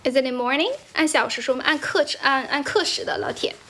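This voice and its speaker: A woman's voice: sits high, fast talker, bright, forceful tone. A young woman from China hosting a casual livestream, chatting in English and Chinese, laughing often and thanking viewers for gifts. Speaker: livestream host. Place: indoors, squatting while streaming.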